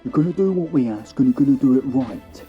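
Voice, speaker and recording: A man's voice: sits low, steady tone, normal speed, narrow, tinny audio, faint music behind. A man voicing a threatening male rival who gives commands in a sci-fi audio story. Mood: menacing. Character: menacing, bullying male rival contestant.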